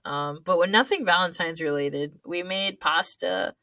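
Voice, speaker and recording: Young philly-woman cohosting, chatty n laughy, lowish voice, dry close mic. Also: measured pace, sharp tone, no room sound. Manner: laughs often, chatty and playful. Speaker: podcast co-host. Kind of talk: casual chat.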